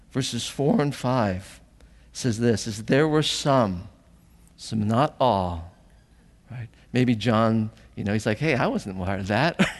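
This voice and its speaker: A middle-aged man preaching a sermon as pastor, telling stories animatedly and acting out voices. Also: long reverb tail. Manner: animated storytelling, acting out voices with big pitch jumps.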